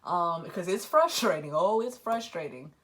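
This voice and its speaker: A woman tarot reader talking casually about spirituality, acting out her own thoughts in animated quoted asides. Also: on the low side, normal speed.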